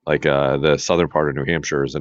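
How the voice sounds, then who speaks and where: A man's voice: very deep voice, flat delivery, fast, no echo, muffled recording. A man from Massachusetts co-hosting a podcast, chatting casually about politics and rambling with many fillers and restarts. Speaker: podcast co-host.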